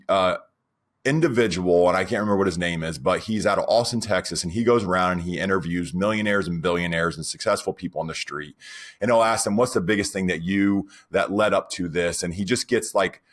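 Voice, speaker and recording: Animated man in his forties, low voice. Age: 40s. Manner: animated storyteller, goes on rants. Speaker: podcast co-host. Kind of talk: casual podcast chat.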